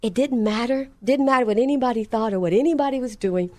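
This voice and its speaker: Earnest middle-aged woman recounting a testimony with emphatic repetition, slightly high voice, dry recording. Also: fast talker, mellow, no echo. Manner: earnest, emphatic, repeats phrases for effect. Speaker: storyteller. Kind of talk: personal testimony storytelling.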